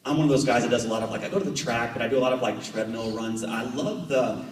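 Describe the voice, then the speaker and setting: A man's voice: mid-range voice, fast talker, far from the mic. Chatty man in his thirties, echoey room. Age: 30s. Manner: chatty, jokey, animated anecdotes. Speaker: Olympic triathlete guest speaker. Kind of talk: storytelling talk to a club. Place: meeting room. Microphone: far camera.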